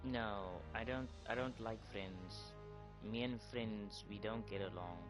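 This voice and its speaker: A man's voice: fairly low pitch, a little slow, music in the background. A swearing male gaming streamer. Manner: swearing, mocking, blunt reactions. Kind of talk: gameplay commentary.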